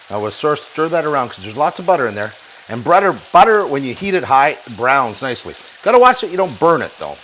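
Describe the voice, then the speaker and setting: A man's voice: mid-range voice, fairly bright tone, a little hiss or hum. A man hosting a casual home cooking show from his kitchen, rambling and cracking jokey asides to the viewers as he cooks. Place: kitchen at a stove.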